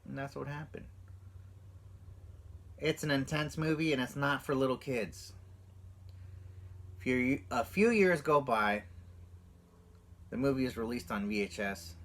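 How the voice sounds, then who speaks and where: A man vlogs casually to camera, speaking slowly with frequent pauses as he recounts a movie memory from childhood. He is animated, acting out quotes with big jumps in pitch.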